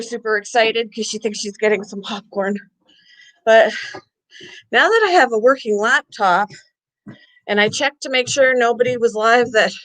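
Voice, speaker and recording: Winded woman rambling on her home livestream, huffing between phrases, coughs now and then. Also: on the high side. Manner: chatty, rambling, talks to her dog. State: out of breath, coughing. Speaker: livestream host. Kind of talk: casual livestream chat. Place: home, moving up and down stairs.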